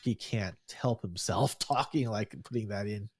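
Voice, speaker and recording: A man co-hosting a podcast in casual chat, easygoing and quick to laugh, with hesitant restarts. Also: fairly low pitch, darkish tone, breathy edge, no room sound. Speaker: podcast co-host.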